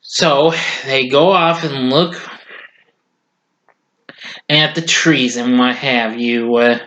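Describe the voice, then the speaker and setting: A man casually recapping a cartoon as a reviewer, chuckling often and acting out lines in a high voice. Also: steady tone, takes it slowly, a bit bright, dull audio, slight background noise.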